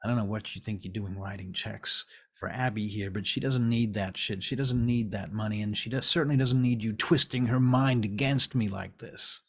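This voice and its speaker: Male GM doing a needy, insistent ex-boyfriend; whiny, stammering, gravelly edge. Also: on the low side, normal speed, few pauses. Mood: aggressive. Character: pleading, pushy abusive ex-boyfriend Vern, young man.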